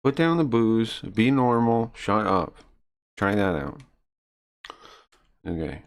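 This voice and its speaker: A man streaming live, answering chat in a combative, mocking and crude way, sometimes dropping to low mutters. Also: lively intonation, takes it slowly. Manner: drops to low muttering asides. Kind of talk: casual live-stream rant.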